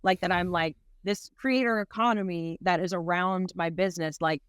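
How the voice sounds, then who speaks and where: A woman's voice: fairly low pitch, moderate pace, smooth, no room sound. Chatty laughing woman, dry mic. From New York. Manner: lively, laughs often, fills with "like" and "right?". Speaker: podcast guest, entrepreneur. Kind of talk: casual interview talk.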